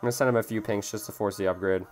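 A man's voice: on the low side, steady tone, very fast, darkish tone. A young man live-streaming a mobile game, swearing at his phone and answering chat as he plays. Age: young adult. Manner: frustrated, swearing, reading chat aloud. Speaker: gaming streamer.

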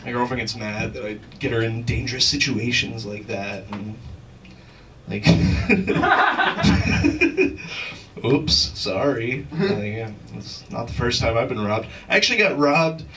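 A man's voice: medium pitch, very animated, slow pace, fairly bright tone, distant mic, slight background noise, low-quality recording. A man doing a stand-up comedy set on a club stage, rambling with lots of fillers and laughing at his own jokes. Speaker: stand-up comic.

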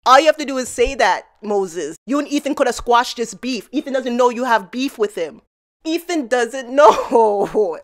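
Woman commentator, casual, slightly high-pitched, chatty, laughs a lot. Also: expressive, moderate pace. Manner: chatty, laughs between points, addresses people directly. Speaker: commentary channel host.

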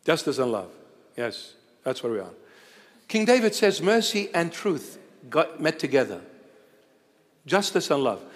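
A man's voice: on the high side, unhurried, pauses often. A man preaching a sermon in a church, telling stories with humorous asides. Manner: animated storytelling with humorous asides. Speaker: bishop, preacher. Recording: long church reverb.

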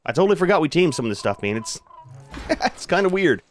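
A man's voice: a little high, sing-song, fairly quick, faint music behind. A man hosting a gaming channel, giving casual commentary as he plays and chatting to his creatures in a laid-back way.

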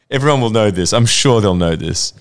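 A man chatting on a podcast, excitable and quick to laugh, swearing freely. His voice swoops lively up and down in pitch. The tone stays smooth and clear. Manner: animated, laughs often, swears casually. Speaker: podcast host. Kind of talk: casual chat, retelling a cartoon episode.

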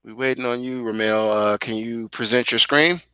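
A man's voice: mid-range voice, steady tone, normal speed, pushed and bright, clean tone, no room sound. A male teacher guiding students through an online class on a video call, talking casually but directly and firmly.

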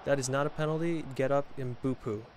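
A man's voice: mid-range voice, brisk, darkish tone, slight background noise. A man giving casual, joking commentary while playing a football video game, chatting to his viewers and to the players on screen. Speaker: gaming video creator.

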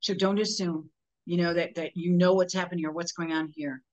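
A woman, a sales trainer, talking as a guest in an interview, animated and telling stories with quick voices for the people in them. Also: on the low side, low-quality recording. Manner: animated, acts out customers in character voices. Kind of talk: podcast interview storytelling.

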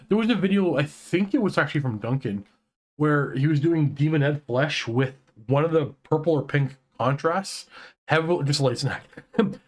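A man co-hosting a casual online chat, ranting excitedly with many restarts and quick turns. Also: fairly high pitch. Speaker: podcast co-host.

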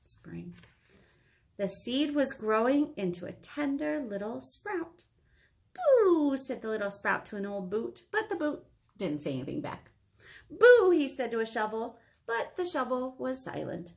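Librarian lady doing storytime, sing-songy and lively, kinda high voice, keeps asking the kids stuff. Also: normal speed, vocal fry. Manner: animated, asks the children questions. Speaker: children's librarian. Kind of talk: reading a picture book aloud to children.

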